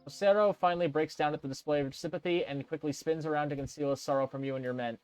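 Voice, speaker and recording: A man's voice: medium pitch, no room sound. Man, let's play commentator, casual, reads game text, dry recording. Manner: reads game text aloud, thinking aloud with fillers.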